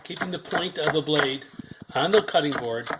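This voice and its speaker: A man's voice: fairly high pitch, moderate pace, very noisy. Older man chatting through a cooking demo. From Ireland. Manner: chatty, rambling with asides. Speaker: home cook. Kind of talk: casual cooking demonstration. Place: home kitchen. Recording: echoey kitchen with sizzling pan.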